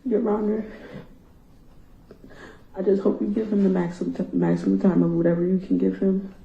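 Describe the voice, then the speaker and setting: A tearful woman speaking to a courtroom in a halting, grief-stricken way, her voice breaking, recorded as echoey, muffled courtroom audio. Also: mid-range voice, flat delivery, gravelly, slight background noise. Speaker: victim's relative giving a statement in court. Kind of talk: emotional victim impact statement.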